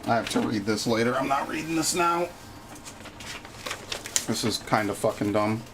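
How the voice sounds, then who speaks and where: A man's voice: mid-range voice, expressive, normal speed. Guy streaming a game, swears a lot, grumpy and annoyed, faint hiss behind. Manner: profane, easily annoyed, grumbling. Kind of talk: live gaming stream chat.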